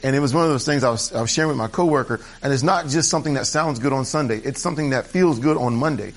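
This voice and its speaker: A man's voice: mid-range voice, fast talker. A man preaching a conversational sermon to his church, candid and chatty, drifting into asides and restarting his sentences. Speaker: pastor. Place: church service.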